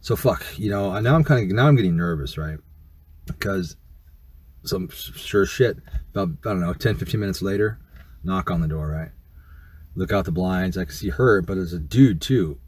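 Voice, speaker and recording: A man's voice: deep voice, expressive, normal speed, darkish tone, slightly rough. A middle-aged man telling a story casually to camera in a rambling, profane way full of fillers. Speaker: YouTuber.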